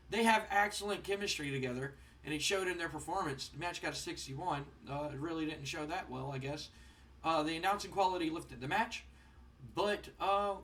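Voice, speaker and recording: A man giving relaxed, rambling let's play commentary on a wrestling management sim. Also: on the high side. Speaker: game let's player. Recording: voice distant from the mic.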